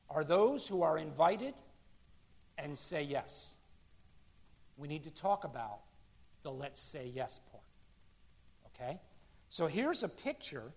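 Male pastor, high and very lively voice, preaching with big swings from shouting to hushed. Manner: animated, swings between shouting and hushed low tones. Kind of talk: sermon.

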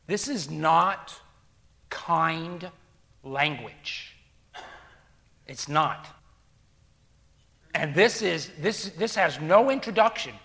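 A man's voice: on the high side, lively intonation, very slow, gravelly, long pauses, pushed and bright. A man preaching a sermon, reading scripture and commenting with emphatic rhetorical questions and repetition.

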